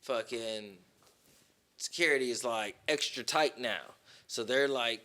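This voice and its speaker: A man on a podcast telling a long story in casual, profane talk, with plenty of "boom" and "right?". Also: unhurried, sharp tone. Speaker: podcast co-host.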